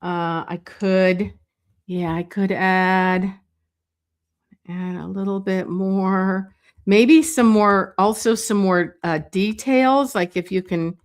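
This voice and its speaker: Slow, musing woman teaching drawing. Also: medium pitch, clean tone. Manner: slow, thinking aloud with fillers while drawing. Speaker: art teacher. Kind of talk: drawing tutorial.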